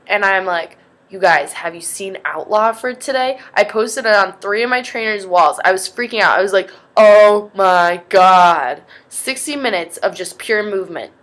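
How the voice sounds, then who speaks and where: A woman's voice: medium pitch, a bit bright. A young woman vlogging in a rambling, chatty way, easily sidetracked. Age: young adult. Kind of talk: casual vlog chat.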